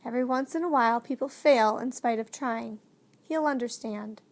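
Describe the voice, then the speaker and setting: A woman voicing a gentle, reasonable young boy who speaks softly and pleads. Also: a little high, normal speed, natural voice.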